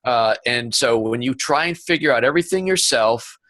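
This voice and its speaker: Bright-voiced man telling business stories. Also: medium pitch, dry recording. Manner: animated storyteller, quick asides. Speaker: interview guest, entrepreneur. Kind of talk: conversational interview. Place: home office.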